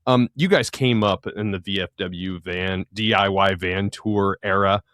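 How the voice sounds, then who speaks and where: A man hosting a podcast, asking long, measured, thoughtful questions. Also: sits low, steady tone, a bit bright, no echo, studio quality. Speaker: podcast host. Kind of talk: interviewing.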